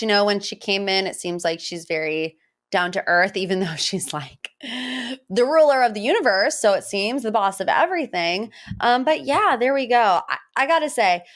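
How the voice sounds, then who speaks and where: A woman hosting a podcast, giving a chatty, gossipy recap full of personal asides. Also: medium pitch. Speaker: podcast host. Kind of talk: casual pop-culture recap.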